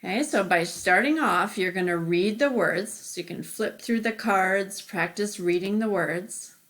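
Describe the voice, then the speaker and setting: A woman's voice: mid-range voice, measured pace, fairly bright tone. A woman teacher giving a remote phonics lesson, patient and step by step, often saying okay.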